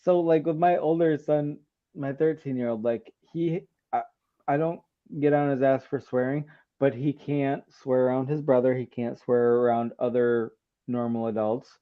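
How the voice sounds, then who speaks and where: A man's voice: medium pitch, fairly even intonation, normal speed, smooth. A man in his thirties chatting casually as co-host, laughing often and riffing with jokes. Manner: laughs often, jokey reactions. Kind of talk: casual chat. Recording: dull lo-fi sound.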